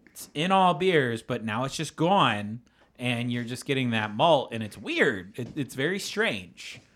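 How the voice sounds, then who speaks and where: Bright, lively man chatting loosely. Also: medium pitch, a little slow. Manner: rambling, joking, swearing freely. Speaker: podcast co-host. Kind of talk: casual chat while tasting beer.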